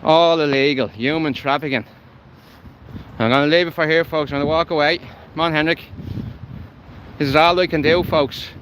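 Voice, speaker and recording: A man's voice: fairly high pitch, fairly even intonation, moderate pace, long pauses, a bit bright, slight background noise, rough recording. An Irish man livestreaming while walking his dog by a canal, talking bluntly and heatedly with lots of swearing. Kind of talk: live walking vlog.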